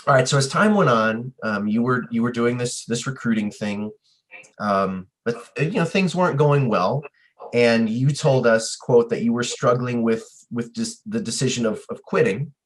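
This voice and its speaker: A host asking an interview guest questions in a halting, hesitant way with fillers. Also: mid-range voice.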